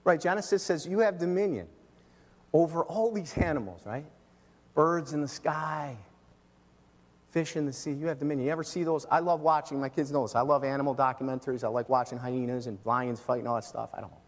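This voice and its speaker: High-voiced pastor in a reverberant hall. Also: male voice, steady tone, fairly quick. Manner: emphatic, shifts between loud and soft. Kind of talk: sermon. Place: church.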